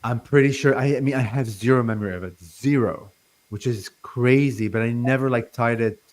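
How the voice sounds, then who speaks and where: A man's voice: mid-range voice, brisk, a little mellow. A man in his forties from Lebanon, a guest on an interview show, who stutters and leans heavily on fillers and restarts. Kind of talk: casual interview talk.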